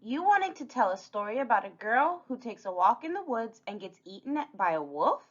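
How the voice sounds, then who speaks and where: A woman's voice: fairly high pitch, big pitch swings, normal speed, dull audio. A woman voicing an eager, rule-following young girl in a storybook, earnest and chirpy. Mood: incredulous.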